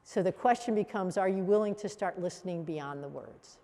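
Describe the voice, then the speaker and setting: A woman's voice: lowish voice, brisk. Woman teaching a workshop in an echoey hall. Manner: animated, acts out example voices. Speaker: coach trainer. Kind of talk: workshop teaching to a live group.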